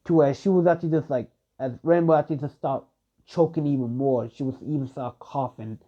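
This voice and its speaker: A man's voice: mid-range voice, brisk. A young man improvises a fan story aloud, rambling and padding it with filler words. His voice sits in a middle range. The recording sounds dull and lo-fi.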